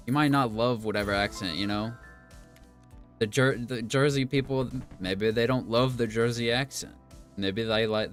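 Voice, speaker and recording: A man chatting casually while playing a video game, musing and meandering with many fillers. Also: lowish voice. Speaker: gaming YouTuber. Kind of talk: rambling commentary over gameplay. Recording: game music playing behind.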